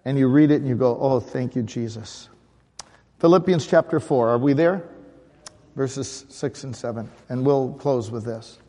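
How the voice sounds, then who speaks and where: Pastor preaching in a reverberant church hall. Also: male voice, medium pitch, moderate pace, dark tone. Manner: conversational, asks the congregation questions. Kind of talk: sermon. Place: church sanctuary.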